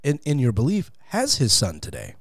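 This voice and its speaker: A man speaking as a guest in a casual interview, animated and acting out quotes in different voices, on a close studio mic. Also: medium pitch, normal speed, no room sound. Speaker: podcast guest, atheist comedian.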